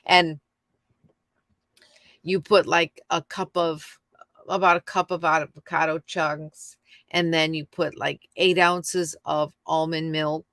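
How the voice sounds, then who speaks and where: A middle-aged woman hosts a casual YouTube livestream from home, rambling and chatting with viewers by name. Her voice is deep and a bit bright, with a level tone and slow pace. The audio is studio quality with no room sound.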